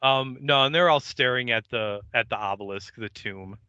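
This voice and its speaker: A man's voice: medium pitch, normal speed, bright, forceful tone, clear, resonant tone, dry recording, highs cut off. A man co-hosting a podcast, recapping a TV episode in casual chat, acting out scenes in put-on voices and swearing freely. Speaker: podcast co-host.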